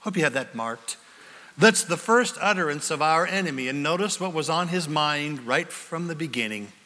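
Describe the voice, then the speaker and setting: An animated male preacher with a bright, slightly high voice delivers a sermon at a moderate pace. He acts out voices and puts questions to the crowd, and the hall adds a long reverb.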